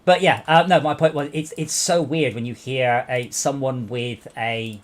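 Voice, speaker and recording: A man's voice: mid-range voice, fairly even intonation, normal speed. A man from England hosting a game livestream, teasing his friends and rambling through anecdotes in casual chat.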